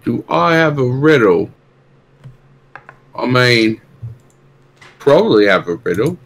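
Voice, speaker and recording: A man's voice: mid-range voice, very animated, takes it slowly, gravelly, fairly bright tone. A man playing a tabletop game, hesitant and playful, cracking jokes. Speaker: player. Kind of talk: casual tabletop game play.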